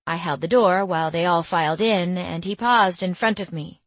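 A woman giving scripted first-person audiobook narration in a measured, intimate storytelling manner. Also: on the low side, dry recording.

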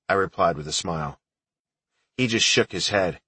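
Husky lowish guy reading an audiobook in first person, matter of fact, dry close mic. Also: normal speed, a bit bright, dry recording, distant mic. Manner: plain, matter-of-fact storytelling. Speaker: audiobook narrator.

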